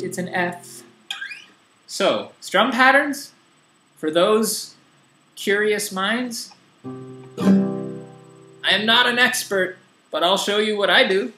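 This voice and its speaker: A young man casually teaching a guitar lesson in a relaxed, rambling, self-deprecating way, with guitar strumming behind him. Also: high-pitched. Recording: echoey room with loud guitar.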